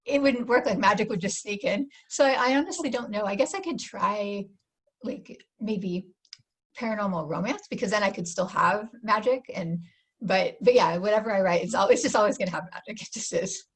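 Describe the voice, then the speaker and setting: Husky-voiced woman in her forties. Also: medium pitch. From United States. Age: 40s. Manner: warm, enthusiastic, talks in quick restarts. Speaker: author guest. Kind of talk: casual interview chat.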